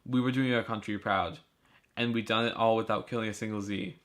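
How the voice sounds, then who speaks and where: A man reading a novel chapter aloud for a school project, steady and earnest. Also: on the low side, brisk. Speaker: student reader. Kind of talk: amateur audiobook reading.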